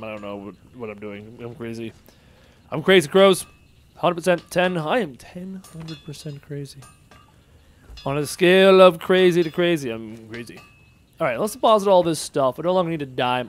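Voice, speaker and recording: A man's voice: a little high, moderate pace. A man livestreaming a game, casually chatting, joking and reading out viewer messages as he plays. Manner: animated, jokey, reads out chat messages. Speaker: gaming livestreamer. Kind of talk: casual livestream chat while playing.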